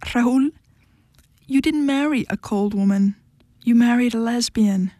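A woman reading the part of a firm, weary adult woman who speaks flatly and with warning. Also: a little high, a little slow, no echo, clean studio sound, natural voice. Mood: calm.

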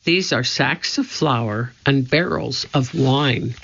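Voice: mid-range voice, a bit bright, breathy edge, exaggerated voice. A reader voicing a nervous, bookish young boy who talks in an anxious hurry in a children's storybook. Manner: anxious, hurried. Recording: muffled lo-fi recording.

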